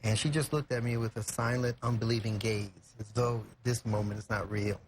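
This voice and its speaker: A man's voice: on the low side, steady tone, a little fast, a little hiss or hum. Earnest young man telling his story. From California. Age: young adult. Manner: earnest, reflective, with many "you know" fillers. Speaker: guest. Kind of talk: emotional storytelling. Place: TV studio.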